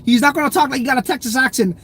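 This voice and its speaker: A man's voice: extremely high pitch, very fast, fairly bright tone, slightly rough. Slangy young man streaming casually. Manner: slangy, loose and rambling, many fillers. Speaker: crypto livestream host. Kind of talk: casual livestream chat reading comments.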